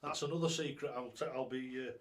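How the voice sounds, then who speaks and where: A man's voice: medium pitch, fairly even intonation, fast. A man hosting a casual live stream, rambling along in a chatty way and greeting viewers by name, recorded on a tablet at home. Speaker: live-stream host and darts coach.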